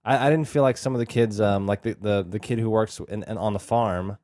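A man's voice: fairly low pitch, brisk, a little mellow, dry recording, clean studio sound. A man co-hosting a podcast in a casual film review chat, talking hesitantly with many fillers and restarts. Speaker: podcast co-host.

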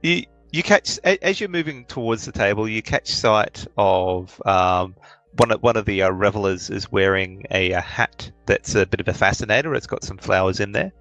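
A man narrating a tabletop game as game master, with halting speech full of fillers. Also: fairly low pitch, fairly bright tone, no echo, soft background music, low-quality recording.

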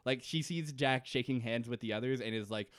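A man's voice: mid-range voice, fairly quick, fairly bright tone, clear, resonant tone, no room sound, studio quality. A man co-hosting a podcast, chatting casually in loose, rambling banter and laughing easily. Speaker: podcast co-host recapping a TV episode. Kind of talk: casual chat.

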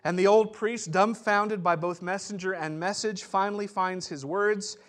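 A man's voice: sits high, fairly even intonation, moderate pace, a bit bright. A man pastor giving a sermon, teaching in a conversational way with asides and restarts.

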